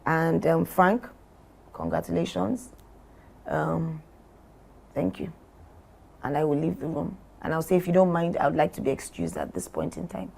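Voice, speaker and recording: Low gravelly-voiced woman, measured. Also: animated, a little mellow. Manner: measured, deliberate, role-plays what she would say. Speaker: guest, former hotel company CEO. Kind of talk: podcast interview.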